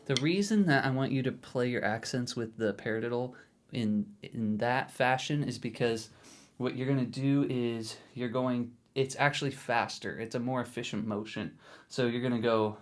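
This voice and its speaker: A man's voice: medium pitch, normal speed, a little hiss or hum. A man teaching a drum lesson in a casual, encouraging way, often checking in with the viewer. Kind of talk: instructional video lesson.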